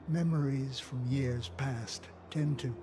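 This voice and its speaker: An actor playing an aging, doting father with a gentle old-man manner in game dialogue, clear game music underneath. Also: medium pitch, fairly even intonation, slow, background noise, close to an everyday voice. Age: older.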